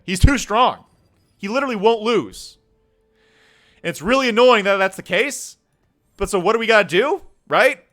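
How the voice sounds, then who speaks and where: A man's voice: high-pitched, bright, forceful tone. A man in his twenties ranting about politics, heated and swearing, sometimes dropping into a weary plea. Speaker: streamer. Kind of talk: political rant.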